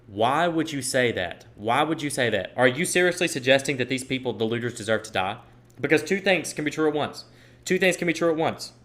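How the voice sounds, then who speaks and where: A man's voice: medium pitch, animated, a little fast, a bit bright. A man hosting a solo podcast, giving opinionated commentary and repeating his points for emphasis. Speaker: podcast host.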